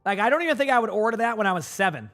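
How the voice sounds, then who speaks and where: A man from Massachusetts without a regional accent, rambling casually to his live-stream chat with lots of filler words and quick answers to viewers. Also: high-pitched, sing-song, fairly bright tone, faint music behind.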